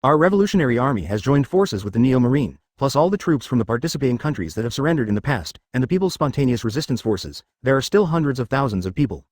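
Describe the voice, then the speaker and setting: A man's voice: medium pitch, expressive, fast, few pauses, darkish tone, no room sound, studio quality, lightly acted. A man reading the part of a solemn young revolutionary officer in a fan-fiction audiobook, speaking seriously and urgently.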